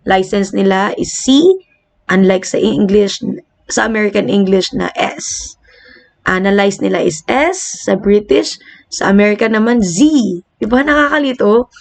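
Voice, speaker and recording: Filipino lady teacher talking casually thru a lesson, kinda creaky voice. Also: mid-range voice, moderate pace. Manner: chatty, laughs often, uses many fillers. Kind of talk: casual online lecture mixing English and Tagalog.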